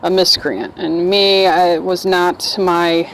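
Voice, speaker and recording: A woman with a lowish, level voice speaks slowly in a casual, rambling vlog monologue about her own experiences, acting out the voices of people she quotes. The recording is low quality, with slight background noise.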